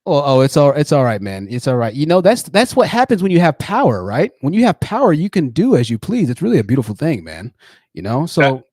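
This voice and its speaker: Mocking, higher-pitched man host. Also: sing-song, fairly quick, darkish tone, no echo, clean studio sound. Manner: mocking, pressing, repeats words. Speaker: channel host. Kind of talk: live-stream call-in debate.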